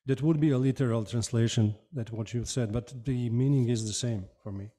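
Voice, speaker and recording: Dark-toned man giving testimony. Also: medium pitch, fairly quick. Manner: brief, matter-of-fact answers. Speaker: expert witness. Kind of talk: formal testimony.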